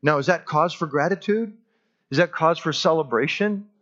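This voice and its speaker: A man preaching a sermon as pastor in a church, earnest and emphatic, slowing down on key words. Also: on the high side, muffled recording, noisy background.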